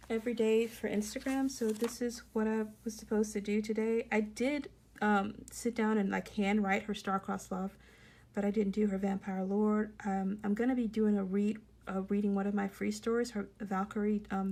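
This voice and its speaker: A woman's voice: mid-range voice, darkish tone. A woman in her forties, a romance author, chatting casually and rambling with plenty of fillers as she flips through her journal.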